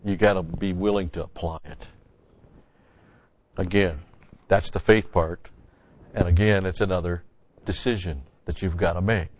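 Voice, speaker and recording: A man's voice: low-pitched, fairly even intonation, moderate pace, pauses often, a little mellow, a little hiss or hum. A man preaching a sermon-style Bible teaching in a conversational, folksy way, repeating key phrases. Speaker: pastor. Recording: dry, dull lo-fi sound.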